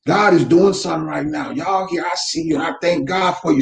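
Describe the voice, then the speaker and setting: A man running his company's weekly motivational talk from home, speaking fervently like a preacher and breaking into shouts. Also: fairly high pitch, brisk, creaky, few pauses, roomy sound. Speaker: real estate company owner, host. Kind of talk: live faith-based motivational talk. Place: room at home. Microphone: camera mic.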